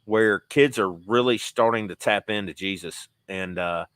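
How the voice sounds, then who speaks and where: A man's voice: fairly low pitch, a little slow, fairly bright tone, clean tone, no echo. A man co-hosting a casual faith podcast, rambling and reflective, with frequent restarts. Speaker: podcast co-host.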